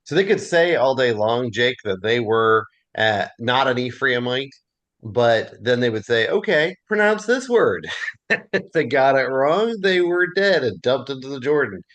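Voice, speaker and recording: A man's voice: mid-range voice, measured pace, fairly bright tone, lo-fi sound. A man leading a Bible class, prompting a reader with words and explaining casually.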